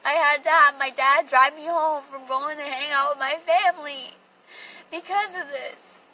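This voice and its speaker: A woman's voice: sits high, fairly even intonation, measured pace, bright, forceful tone. A young woman telling a personal story on a phone livestream, rambling and emotional, with a lot of "like". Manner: rambling and emotional, heavy use of "like". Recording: distant from the mic, faint background noise.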